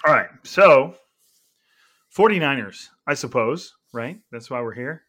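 A man's voice: mid-range voice, expressive, a little slow, pushed and bright. Chatty male podcast host. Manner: chatty, laughing, heavy on filler words. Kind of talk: casual sports podcast chat.

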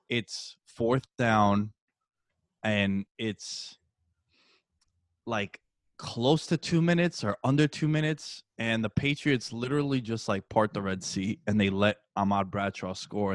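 A man in his early thirties hosting a casual sports chat, telling stories with animated energy, swearing and calling his co-host dude. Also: lowish voice, no echo, studio quality.

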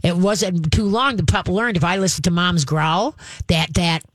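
Brisk emphatic woman dog trainer, dry studio sound. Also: no room sound. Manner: brisk, emphatic, drops into slow deep growls to demonstrate. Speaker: dog trainer and radio show host. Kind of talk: call-in radio advice.

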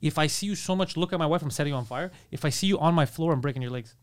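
Fast-talking profane man telling a story. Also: fairly high pitch. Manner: animated, profane, acts out quotes. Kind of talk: casual storytelling chat.

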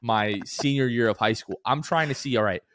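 A young man in his twenties co-hosting a casual sports podcast, an animated storyteller who acts out quoted voices with big jumps in pitch. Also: brisk, a little hiss or hum. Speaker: podcast co-host.

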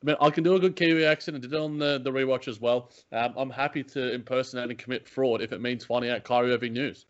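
A man's voice: mid-range voice, steady tone, quick pace, muffled recording. A man co-hosting a casual sports podcast, rambling and joking, often repeating words as he goes. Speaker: podcast co-host.

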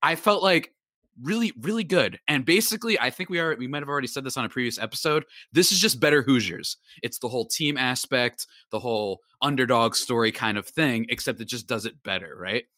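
A man chatting as a guest on a sports podcast, excitable and laughing often, exclaiming in disbelief. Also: medium pitch, fairly quick, no room sound, clean studio sound. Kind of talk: casual sports chat.

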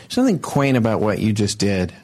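A man's voice: fairly low pitch, big pitch swings, fairly quick, darkish tone. Guy hosting a comedy podcast, goofy banter, keeps restarting his sentences. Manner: playful, hesitant, many restarts.

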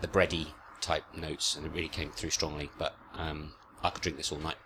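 A man, a returning guest, jovially giving his views on a beer and trailing off softly. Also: very deep voice, little pitch movement, brisk, noisy background. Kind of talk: casual beer tasting.

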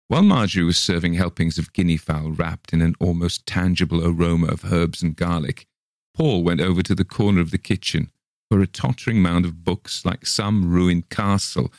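A man's voice: low voice, vocal fry, darkish tone, no room sound. A man reading a short story aloud in a dry, wry narrating manner.

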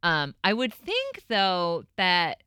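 A woman co-hosting an afternoon radio show, chatty and quick to laugh, in a studio. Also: on the low side, wildly swooping pitch, pushed and bright, clean tone, no echo. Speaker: radio host. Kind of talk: casual radio banter. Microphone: studio microphone.

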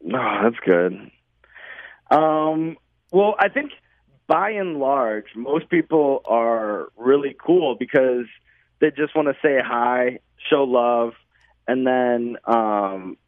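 A man's voice: mid-range voice, expressive, takes it slowly, no room sound. A man telling stories in a casual interview chat, rambling with lots of likes and you-knows. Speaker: podcast guest, show host. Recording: dry, phone-like audio.

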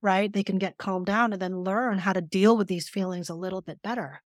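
Clean studio sound with no echo carries this middle-aged therapist's medium-pitched, steady voice. As a podcast guest in a conversational interview, she talks fairly quickly, explaining and recounting stories with earnest emphasis.

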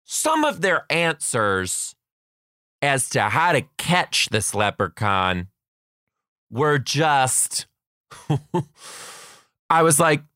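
Sarcastic, animated man telling stories. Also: medium pitch, very slow, pauses often, no echo, clean studio sound. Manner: animated, sarcastic, acts out kids' voices. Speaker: kindergarten teacher. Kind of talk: comedic storytelling.

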